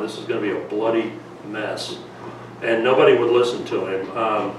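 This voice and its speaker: A man's voice: lowish voice, slight background noise. A man giving a chatty museum history lecture, telling stories with fillers and restarts. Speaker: lecturer and documentary filmmaker. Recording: echoey room, mic from far off.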